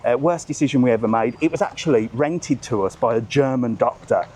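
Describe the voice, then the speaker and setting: A man's voice: medium pitch, a little fast, slightly rough. A middle-aged man chatting cheekily as he walks a resort street live, filming on a handheld phone and greeting passers-by. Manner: chatty, cheeky, swears casually, greets strangers loudly. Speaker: vlogger host. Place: outdoors on a busy resort street.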